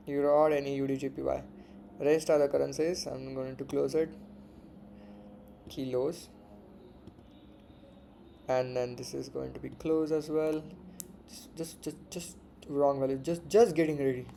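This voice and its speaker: A man's voice: mid-range voice, fairly even intonation, unhurried, vocal fry, long pauses, a little mellow, slight background noise. A man giving casual live commentary while trading forex, muttering and repeating words to himself and swearing freely. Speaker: forex trader streaming live.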